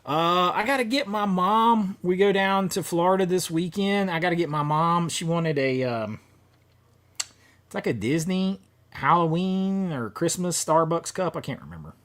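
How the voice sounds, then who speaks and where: A man with a high, expressive, slightly bright voice talks at a normal speed. He's hosting a casual horror movie livestream, reading viewer comments and rambling with fillers and restarts.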